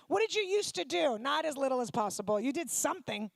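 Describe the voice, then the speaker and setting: Sarcastic high-voiced woman comic. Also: gravelly, no echo. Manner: sarcastic, brash, profane. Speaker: stand-up comedian. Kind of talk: stand-up with crowd work. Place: synagogue comedy night stage.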